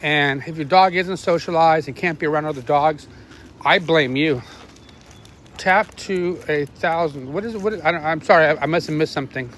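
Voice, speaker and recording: Dude rambling on a dog walk, swears a lot, yells at the dogs now and then, kinda high voice, faint outdoor hiss. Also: male voice, normal speed. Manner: rambling, swears casually, calls out sharp commands to his dogs. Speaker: vlogger walking his dogs. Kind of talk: casual live-stream chat.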